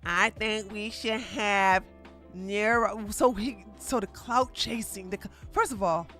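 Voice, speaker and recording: Bright, blunt drama commentator. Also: mid-range voice, takes it slowly, soft background music. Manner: blunt, sassy trash-talk; talks straight at the people discussed. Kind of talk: casual live-stream commentary.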